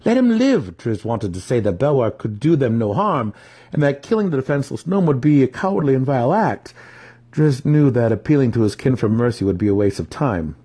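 A man reading a fantasy novel aloud, telling the story with steady drama. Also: medium pitch, brisk, breathy edge. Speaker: audiobook reader.

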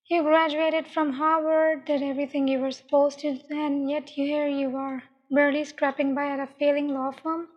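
A woman voicing a cold, teasing young female killer who speaks in a slow, mocking, menacing way. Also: sits high, little pitch movement, natural voice. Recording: dull, long echoing reverb.

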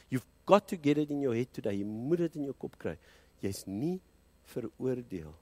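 A man with a South African accent, a pastor preaching a fervent sermon and switching between English and Afrikaans, climbing to loud high peaks and dropping to quiet low passages. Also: slightly rough, no room sound.

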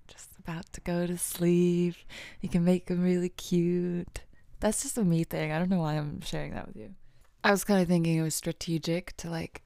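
A woman's voice: lowish voice, dark tone, no room sound, clean studio sound. A young woman hosting a casual solo podcast, rambling and self-deprecating, often laughing and dropping into whispers. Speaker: podcast host.

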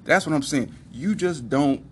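A man hosting a podcast, telling stories casually in an animated, emphatic, slangy way. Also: on the high side, unhurried, a little hiss or hum. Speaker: podcast host. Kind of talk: casual storytelling.

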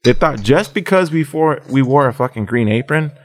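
In a casual chat, a young podcast host tells crude, laid-back stories, peppering them with "dude" and "bro." He speaks at a normal speed in an expressive, medium-pitched voice.

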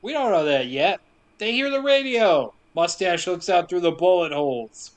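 Man with a higher voice recapping a film, joking. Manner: joking, animated storytelling with quick asides. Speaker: podcast co-host recapping a movie. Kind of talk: casual movie recap chat.

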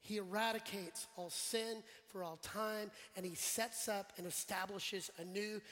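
A male pastor preaching a sermon in a relaxed, conversational way, putting questions to the congregation and joking with them. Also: high voice, a little slow. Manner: conversational, quizzes the congregation, jokes. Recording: long church hall reverb.

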